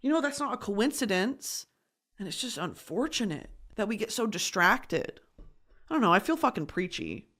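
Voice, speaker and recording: A woman's voice: medium pitch, big pitch swings, moderate pace, fairly bright tone. A woman hosting a podcast, talking in an earnest, emotional personal monologue. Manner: emotional, earnest, tearful at times. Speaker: podcast host.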